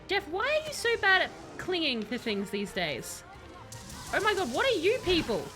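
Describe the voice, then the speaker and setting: Young woman, game streamer, high voice, excitable, joking commentary, soft music behind. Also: normal speed. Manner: excitable, jokey, talks to game companions. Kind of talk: casual live gameplay commentary.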